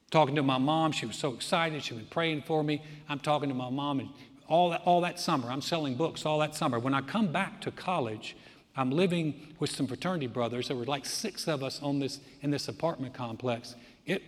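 A man in his sixties preaching a sermon, telling a personal story in a conversational, animated way and acting out quoted lines. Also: on the high side. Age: 60s. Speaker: pastor. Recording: long hall reverb.

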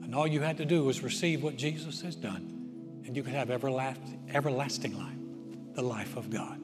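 A man preaching a sermon as pastor, earnest, repeating his phrases and swinging between loud and soft. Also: mid-range voice, moderate pace. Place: church auditorium. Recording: long reverb of a large auditorium, faint music.

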